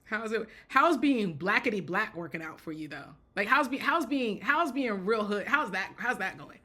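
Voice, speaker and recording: Blunt, joking woman with a bright voice. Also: medium pitch, animated, moderate pace. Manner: blunt, joking, self-interrupting, laughs often; repeats and restarts phrases. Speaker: commentator. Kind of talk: casual spoken commentary.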